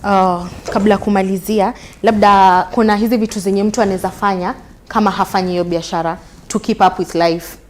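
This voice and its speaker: A Kenyan woman hosting a talk show, chatting casually and switching between Swahili and English, often checking in with a quick question. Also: medium pitch, steady tone, darkish tone. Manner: fast, tags sentences with "unaona?".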